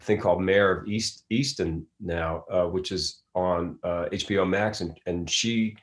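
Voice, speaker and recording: A man's voice: low-pitched, fairly even intonation, unhurried. A middle-aged man from Philadelphia, an actor giving a casual interview, rambling through stories with many restarts. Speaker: actor guest.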